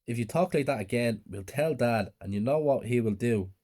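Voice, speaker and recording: A man's voice: medium pitch, expressive, normal speed, mellow, close to an everyday voice. A man voicing a bossy, taunting little girl.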